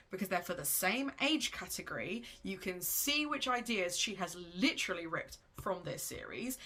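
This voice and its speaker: A woman's voice: mid-range voice, bright, forceful tone. A young woman vlogging about her books in a chatty, gushing way, often breaking off and restarting mid-sentence. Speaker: book vlogger. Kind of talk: casual chat about books.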